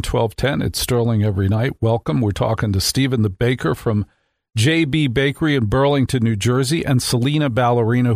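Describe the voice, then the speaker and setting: A man's voice: mid-range voice, no echo. A man hosting a nightly radio talk show, talking into a studio microphone with sarcastic, mock-outraged asides.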